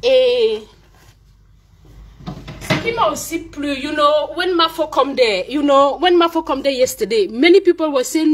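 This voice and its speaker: A woman's voice: sits high, normal speed. A woman whose first language is French, speaking hesitantly in a casual message and switching between English and French with many fillers. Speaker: vlogger speaking to a fellow live-streamer.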